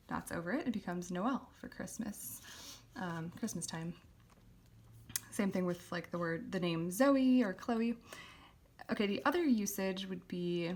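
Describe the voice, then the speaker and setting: A woman calmly teaching a calligraphy lesson, explaining step by step with occasional ums while she writes. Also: medium pitch, slight background noise. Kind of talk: instructional voice-over while writing.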